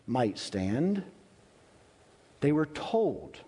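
A male pastor preaching a sermon in an earnest, emphatic way, with long pauses. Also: mid-range voice, expressive, darkish tone, slightly rough. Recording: reverberant hall.

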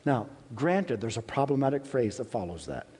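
A male pastor preaching a sermon in an earnest, emphatic way, with long pauses. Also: mid-range voice, sing-song, dark tone, husky. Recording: reverberant hall.

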